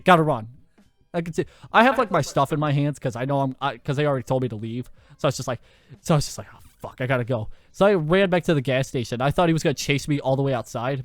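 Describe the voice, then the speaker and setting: A young man hosting a podcast, telling a story in a loud, animated way and swearing often. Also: mid-range voice, dry recording. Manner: animated, swears a lot, laughs through his story. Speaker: podcast host. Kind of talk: casual storytelling.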